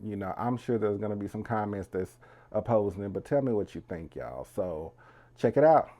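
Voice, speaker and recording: A man giving casual commentary to his viewers, calling them y'all and trailing off softly at the ends of his lines. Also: lowish voice, lively intonation, moderate pace. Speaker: commentary video creator. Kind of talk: casual direct-to-camera commentary.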